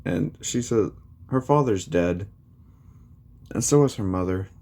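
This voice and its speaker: A man's voice: low-pitched, expressive, measured pace, darkish tone. A man casually retelling a fan story, rambling with many fillers.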